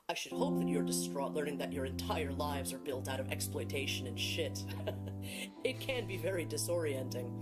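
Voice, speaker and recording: A woman giving dramatic scripted film narration in a grave, solemn, deliberate manner. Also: low voice.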